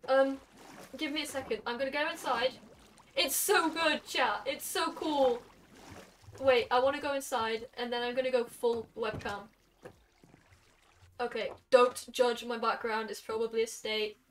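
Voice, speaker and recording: Excitable high-voiced young woman streamer. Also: a little slow, slight background noise. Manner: excitable, gushing, talks to chat. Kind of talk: casual live-stream chat. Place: her bedroom.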